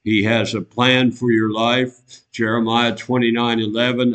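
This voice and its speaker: A man's voice: medium pitch, level tone, unhurried, fairly bright tone. A man preaching an earnest broadcast sermon, repeating phrases for emphasis. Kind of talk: radio sermon.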